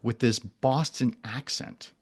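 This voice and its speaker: A man's voice: medium pitch, fairly even intonation, slow pace, husky. A man in his forties, a podcast guest talking casually and earnestly, often restarting and repeating words. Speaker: guest, animal communicator.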